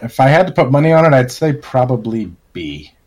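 A man who works as a consultant, chatting on a casual podcast in a measured, practical way with dry humor. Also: mid-range voice, very animated, darkish tone, rough recording. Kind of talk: casual chat.

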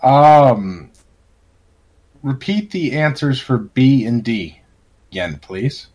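A man who works as a consultant, chatting on a casual podcast in a measured, practical way with dry humor. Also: medium pitch, lively intonation, darkish tone, low-quality recording. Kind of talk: casual chat.

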